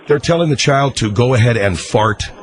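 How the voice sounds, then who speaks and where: A man's voice: mid-range voice, animated, moderate pace, very noisy. A male radio talk host questioning a caller, probing and skeptical, cutting in often. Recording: radio broadcast with crowd behind.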